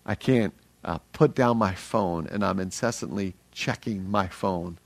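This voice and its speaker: Recorded without echo, a middle-aged man with a lowish voice delivers a sermon as pastor. His manner is energetic, earnest and conversational, with many restarts.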